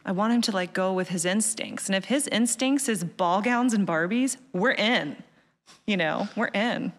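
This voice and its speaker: Chatty animated woman in a reverberant room. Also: mid-range voice, moderate pace. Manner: animated, laughs easily, says "like" often. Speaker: podcast guest. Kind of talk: casual interview chat.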